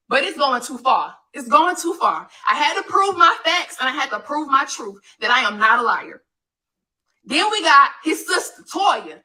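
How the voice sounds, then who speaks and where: A woman's voice: high-pitched, bright, forceful tone. A woman vlogger talking straight to camera, emphatic and repeating phrases for effect. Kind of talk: direct-to-camera rant. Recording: echoey room, distant mic.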